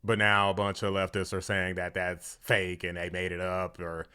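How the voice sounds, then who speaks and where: A man's voice: sits low, monotone, normal speed, sharp tone, clean tone. A man hosting his own political reaction channel, talking in an opinionated, mocking way and laughing often at what he hears. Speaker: political commentary host.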